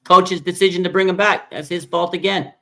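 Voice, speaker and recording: A man in a casual sports debate who speaks a touch high for a man. He makes his points bluntly, repeats them insistently and keeps pressing his co-partner to agree. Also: steady tone, a little fast, vocal fry, pushed and bright. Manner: blunt and insistent, addresses co-host by name. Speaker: podcast co-host.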